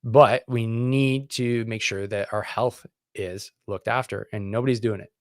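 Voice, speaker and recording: A man's voice: fairly even intonation, a little slow, no echo, clean studio sound. Impassioned veteran man rallying his listeners. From Canada. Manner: emphatic, rallying, loud bursts of pitch and volume; rough, plainspoken, curses. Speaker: veteran podcast host. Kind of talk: impassioned solo talk to camera.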